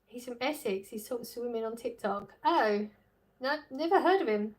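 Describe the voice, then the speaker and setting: Woman host for a casual live stream, somewhat high voice, reads chat aloud, laughs easily. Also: lively intonation, normal speed. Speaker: livestream host reading chat.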